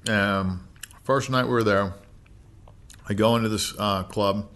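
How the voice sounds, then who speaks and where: Laid-back swearing American man, bright voice. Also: fairly low pitch, steady tone, measured pace. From United States. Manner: laid-back, heavy swearing, many fillers. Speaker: podcast guest. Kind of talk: casual storytelling.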